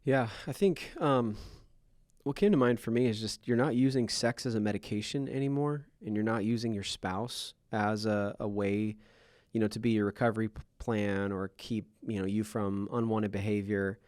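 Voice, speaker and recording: A man's voice: on the low side, fairly even intonation, moderate pace, darkish tone, no echo, studio quality. A man in his thirties hosting a podcast, telling personal stories openly with many fillers. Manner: open, self-revealing storyteller with frequent fillers. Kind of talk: candid podcast conversation.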